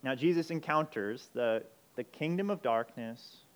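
A man preaching a sermon, emphatic, moving between urgent loud passages and quiet intense ones. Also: mid-range voice, measured pace. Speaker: pastor.

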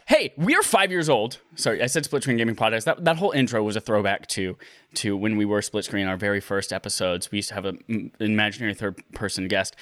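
A man hosting a casual podcast from his living room, excitable and laughing often, swearing casually as he chats. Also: mid-range voice. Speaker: podcast host. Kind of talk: casual chat.

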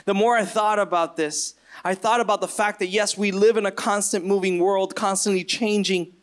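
Guy preaching, kinda high voice, slows down on the scripture bits and jumps way up when he acts people out. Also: steady tone. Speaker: pastor. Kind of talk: sermon.

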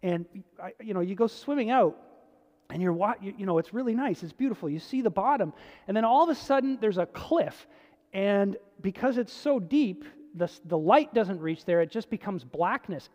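A preacher talks through a sermon as if chatting with the congregation, leaning hard on some words and then dropping to a near hush. The voice sits in a middle register, and a long reverb trails every phrase as it fills a large church hall. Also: mid-range voice, lively intonation, normal speed. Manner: conversational preaching, swinging between emphatic and hushed. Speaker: pastor.

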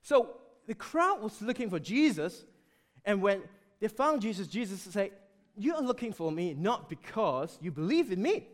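A man preaching a sermon, emphatic and animated, often dropping suddenly to a quiet voice. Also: high-pitched.

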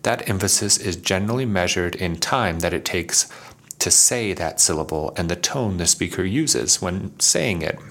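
Deep-voiced man teaching poetry. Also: a bit bright. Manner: explanatory, slows to sound out words. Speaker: podcast host. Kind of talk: scripted lesson narration.

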